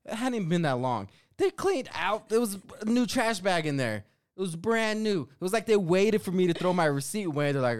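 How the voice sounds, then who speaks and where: A man's voice: sits high, brisk, clear, resonant tone, dry recording, clean studio sound. A man co-hosting a podcast, telling a story in casual chat, swearing and laughing as he goes. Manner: animated, swearing, laughing at his own story. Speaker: podcast co-host.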